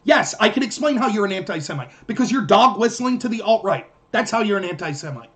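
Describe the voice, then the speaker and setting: A man's voice: high-pitched, animated, fast, fairly bright tone. A man hosting a political livestream, heatedly and sarcastically answering comments from his chat. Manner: combative, sarcastic, ranting.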